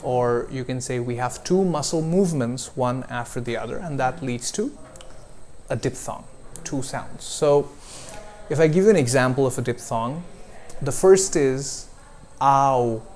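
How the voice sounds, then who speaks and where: A man coaching pronunciation, modeling vowel sounds slowly and deliberately for a learner to repeat. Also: medium pitch, dark tone, a little hiss or hum. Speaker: accent coach. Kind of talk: pronunciation lesson.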